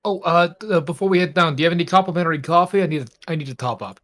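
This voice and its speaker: Casting: man, slightly high voice, playful tabletop player. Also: rapid-fire, a bit bright. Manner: playful, narrates his character's actions. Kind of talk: casual tabletop chat.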